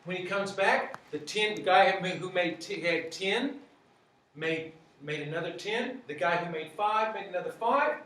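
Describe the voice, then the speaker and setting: A man's voice: sits high, animated, moderate pace, fairly bright tone. A man teaching a group, asking many rhetorical questions and repeating phrases. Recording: very echoey, from far off.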